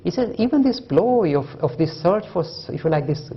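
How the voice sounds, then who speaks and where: A male lecturer giving a public lecture, telling stories and jokes in an animated way and acting out the quotes. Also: high voice, moderate pace, dull audio, slight background noise. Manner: animated, joking, acts out quotes. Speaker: lecturer on religion and science. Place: lecture hall at a university.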